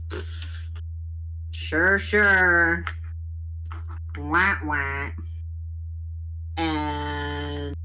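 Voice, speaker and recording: Giggly woman tabletop player, bright and lively voice. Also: fairly low pitch, rough recording. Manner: giggly, animated. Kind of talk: tabletop role-play chat.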